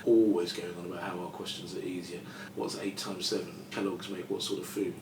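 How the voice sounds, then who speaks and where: A man's voice: sits low, little pitch movement, brisk, noisy background. A British man talks casually in a dry, amused way about quizzing. He is picked up from some distance. There is a roomy echo and a faint outdoor ambience behind him. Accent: British English. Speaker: guest, professional quizzer. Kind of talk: casual interview chat. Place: outdoors by the sea.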